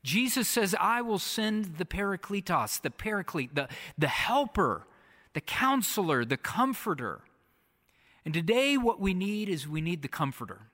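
A pastor preaching a sermon, repeating phrases and often dropping to a soft, hushed delivery. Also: male voice, high voice, very animated, moderate pace. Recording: long reverb of a large hall.

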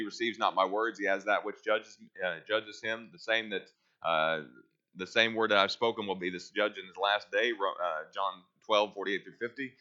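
A man's voice: fairly low pitch, pushed and bright, dull audio. A man teaching a Bible class, reading verses aloud and asking his listeners questions that he then answers himself.

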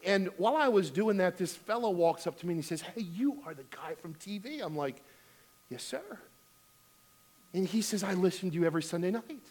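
A man's voice: high-pitched, expressive, fairly quick, a little mellow. A middle-aged man preaching a sermon as pastor, telling a funny family story and then urging giving with emphatic exhortation.

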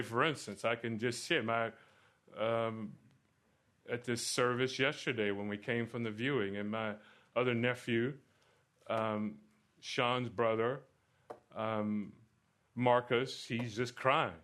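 A male pastor answers congregation questions with an animated preaching manner, climbing loud when he stresses a point. His voice is bright and forceful. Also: medium pitch, slow. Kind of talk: sermon Q&A.

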